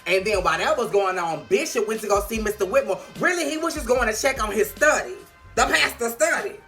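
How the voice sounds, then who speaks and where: A man giving a casual, sassy recap of a TV episode, outspoken, playful and quick with profanity. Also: high voice, expressive, bright, forceful tone, soft background music. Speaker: TV show reviewer.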